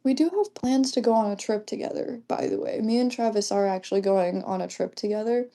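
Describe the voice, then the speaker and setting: A young woman livestreaming in a casual chat, reading comments aloud, often giggling and keeping her voice hushed. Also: mid-range voice, fairly quick, gravelly.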